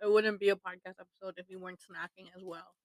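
Co-hosting a laid-back podcast chat, a young woman from Toronto, Canada, eats as she talks, laughs a lot, and swears casually. Her lowish voice moves quickly with fairly even intonation, in poor audio that has no room sound.

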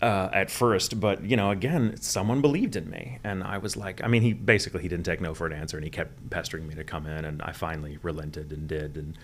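A man's voice: low-pitched, fast talker, few pauses, a little hiss or hum. A man in his forties from Texas, a voice actor telling his story in a podcast interview, candid, profane and self-deprecating. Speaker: voice actor guest.

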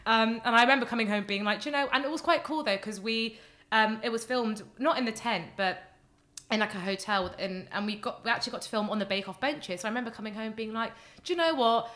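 Woman, young, quick talker, bright tone, animated storyteller, casual chat. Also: a little high. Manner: animated, acts out quoted voices, talks in long excited runs. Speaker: guest, baking contestant.

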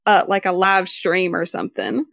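A woman's voice: on the low side, very animated, moderate pace, creaky, a bit bright, no echo, studio quality. A woman co-hosting a casual podcast, chatty and picky about details, reading summaries aloud. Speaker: podcast co-host. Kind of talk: casual chat.

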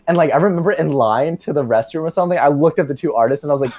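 A young man telling a rambling story as a podcast guest, full of "like" and quick laughs. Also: fairly high pitch, a little mellow. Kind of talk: casual storytelling chat.

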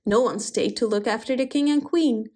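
A woman reading a fairy tale aloud in an expressive, animated way. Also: a little high, normal speed, slightly rough. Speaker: storyteller. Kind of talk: storybook reading.

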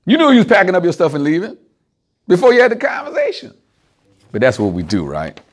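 A man with a notably high voice gives an informal sermon to a small group. He talks conversationally, tossing out rhetorical questions and chuckling as he goes. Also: wildly swooping pitch, fast talker.

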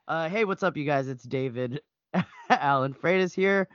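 A man co-hosting a podcast as a comedian, trading deadpan jokes with hesitant fillers. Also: fairly high pitch, normal speed, no room sound. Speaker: comedian co-host. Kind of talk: casual podcast banter. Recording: dull dry lo-fi sound.

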